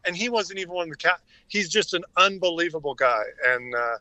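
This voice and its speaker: A man's voice: a little high, expressive, fairly quick, bright, forceful tone, no room sound. A middle-aged man, a former hockey player, telling earnest and rambling anecdotes as a podcast guest. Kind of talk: casual interview storytelling.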